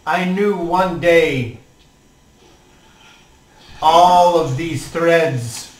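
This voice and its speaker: A man's voice: fairly high pitch, very slow. A man voicing a father who speaks in an eager, grateful way. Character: emotional father thanking his helper. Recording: roomy echo, distant mic.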